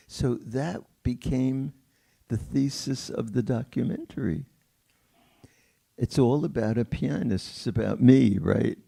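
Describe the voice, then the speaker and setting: A man's voice: mid-range voice, expressive, creaky, breathy edge. An older man, a pianist, telling stories at a film Q&A in a theater, chuckling and acting out quoted voices. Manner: slow, warm storytelling with laughter and quoted voices. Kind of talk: storytelling at a film Q&A.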